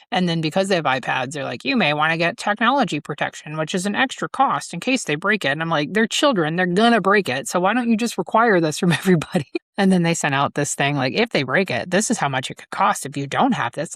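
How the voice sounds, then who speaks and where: A woman's voice: fairly low pitch, a bit bright, no room sound, studio quality. A middle-aged woman hosting a casual solo podcast, candid and self-mocking, swearing freely and laughing often. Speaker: podcast host.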